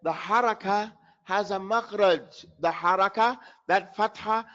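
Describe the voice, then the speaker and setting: Speaking a little slowly in a high, pushed, bright voice, this man teaches recitation over a live online class. He repeats sounds over and over to drill pronunciation and mixes in Arabic terms, all captured in dull lo-fi audio.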